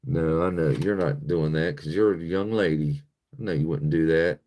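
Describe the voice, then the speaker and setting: A man's voice: extremely low pitch, moderate pace, warm tone. A man hosting a casual livestream, talking bluntly and profanely to his chat and laughing often. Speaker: livestream host.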